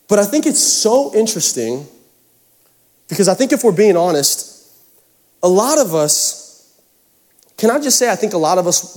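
A youth pastor from Seattle gives a sermon, telling a joking, animated story to the congregation in a large church hall. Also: male voice, high voice. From Seattle area, United States. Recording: long hall reverb.

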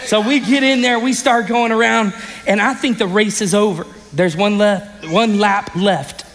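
High-voiced preacher in a big hall. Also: male voice, a little slow. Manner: animated storytelling, bursts into shouts. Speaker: pastor. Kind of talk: sermon. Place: church sanctuary. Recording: reverberant hall.

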